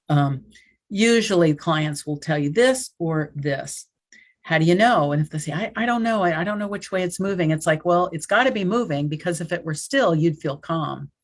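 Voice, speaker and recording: Woman, 60s, hypnotherapist; casual online workshop teacher, acts out client lines, heard over a video call. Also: low voice. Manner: chatty, acts out client quotes with gestures.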